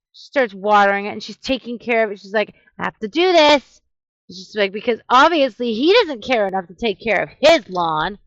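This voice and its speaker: A woman vlogger telling a story in a chatty, animated way, full of casual fillers. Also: medium pitch, no echo, muffled recording. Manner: chatty, animated, many "you know" fillers. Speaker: vlogger giving relationship advice.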